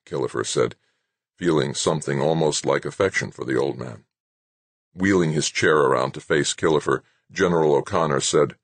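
A man narrates a novel in a measured, even read. His voice is very low with a husky grain, recorded close and dry with no room around it. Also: no echo. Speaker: audiobook narrator. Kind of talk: scripted narration.

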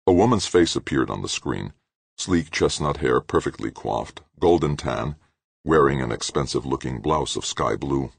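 A male audiobook narrator with a very deep, gravelly voice and a husky rasp. He reads with lively, animated pitch and dramatic drive. The sound is dry and close. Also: normal speed, dry recording. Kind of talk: scripted narration.

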